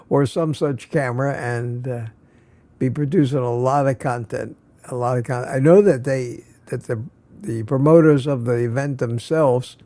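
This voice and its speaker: A tired older man hosting a live stream, chatting casually and haltingly with lots of restarts. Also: mid-range voice, dark tone. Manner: halting, many restarts and fillers.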